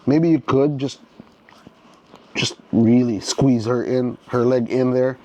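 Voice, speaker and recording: Unhurried man chatting through a toy unboxing. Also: medium pitch, steady tone, mellow. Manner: unhurried, thinking aloud with frequent restarts and "okay?" checks; enthusiastic about the toy. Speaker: toy reviewer. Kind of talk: casual unboxing commentary.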